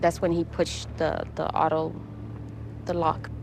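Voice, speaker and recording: Woman telling her story haltingly. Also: low-pitched, monotone, gravelly, background noise. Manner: halting, repeats words, breaks into crying. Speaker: interviewee recounting her past. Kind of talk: emotional interview testimony.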